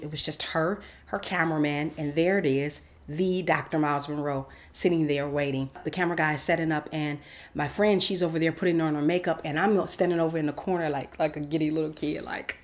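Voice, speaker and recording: A woman host telling a personal faith story in a casual, animated way with many fillers. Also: low voice. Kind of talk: personal testimony.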